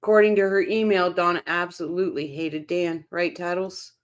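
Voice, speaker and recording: Lady on a true crime stream, lowish voice, reading chat out loud n reacting. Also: fairly even intonation, normal speed. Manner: chatty, reads viewer comments aloud and reacts. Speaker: livestream host reading chat.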